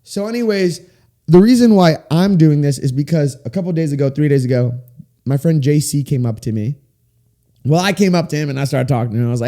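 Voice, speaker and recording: A man in his twenties hosting a faith-based solo podcast, talking with big swings up and down in pitch, in a small room with sound panels. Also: fairly quick, warm tone. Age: 20s. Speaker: podcast host.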